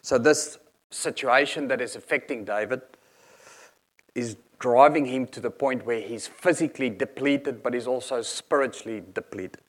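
A man's voice: mid-range voice, moderate pace. A man preaching a sermon in an earnest, explanatory manner, reading scripture aloud and unpacking each verse.

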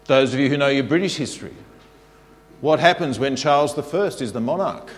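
A man's voice: mid-range voice, fairly quick. Man preaching in a reverberant hall. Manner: animated, leads the congregation in call-and-response. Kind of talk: sermon. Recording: long reverb of a large hall.

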